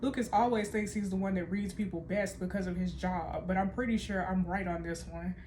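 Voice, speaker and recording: Woman reading married neighbor lady, teasing, lowered voice, even delivery, mid pitch. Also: brisk, slight background noise, close to an everyday voice.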